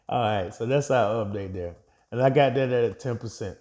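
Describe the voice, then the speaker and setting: A man's voice: mid-range voice, a little mellow. Chatty man giving a casual portfolio update. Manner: chatty, addresses viewers directly, laughs at own slips. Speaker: investing vlogger.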